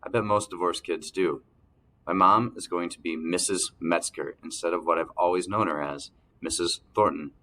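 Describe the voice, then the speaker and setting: A man narrating an audiobook in the first person, telling the story calmly and evenly. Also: sits low, normal speed.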